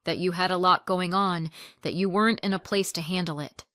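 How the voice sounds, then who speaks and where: A woman's voice: lowish voice, fairly even intonation, a little fast, pushed and bright, dry recording, studio quality. A woman doing a syrupy, snappish sister. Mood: defensive. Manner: syrupy, then defensive and snappish. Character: manipulative, sugary sister turning sharp.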